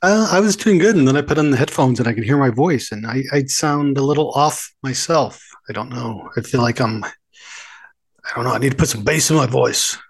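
A man co-hosts a podcast with a slightly husky voice. He talks in an easygoing, scattered way, jumping between tangents. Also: medium pitch, a little fast. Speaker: podcast co-host. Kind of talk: casual podcast chat.

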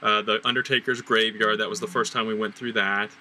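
A middle-aged man hosting a podcast, casually recalling past events with fillers and pauses. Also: on the low side, noisy background. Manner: relaxed, recalling details with fillers. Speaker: podcast host.

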